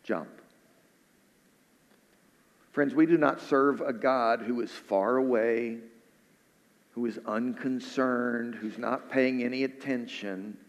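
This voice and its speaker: A male pastor giving a sermon in an earnest preaching style, then praying softly and low. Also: fairly even intonation, slow pace, highs cut off. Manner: earnest preaching, drops soft and low in prayer. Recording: hall reverb.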